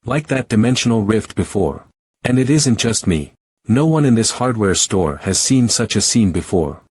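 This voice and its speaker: A man giving a first-person story recap narration in a steady, even reading. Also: lowish voice, normal speed, breathy edge.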